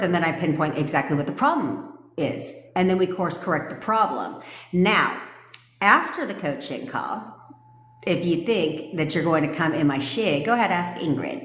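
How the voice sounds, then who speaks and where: A manifestation coach with a low, slightly bright voice coaches viewers in a casual livestream from an echoey room with long reverb. She's blunt and profane and laughs often.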